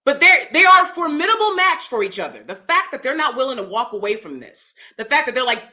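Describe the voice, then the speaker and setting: Lively, bright-voiced woman host. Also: fairly quick, few pauses. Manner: animated, conversational, often asks "right?"; jumps into high mocking voices. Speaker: commentary channel host. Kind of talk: casual opinion commentary.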